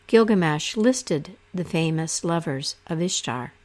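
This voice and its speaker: A woman narrating an ancient myth aloud in a slow, expressive storytelling manner. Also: on the low side.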